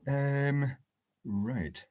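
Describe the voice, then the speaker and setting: A man building a high-voltage circuit live at his workbench, thinking aloud, answering viewers' chat and dropping dry jokes. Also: extremely slow, a little mellow. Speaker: electronics hobbyist host. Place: home electronics workbench.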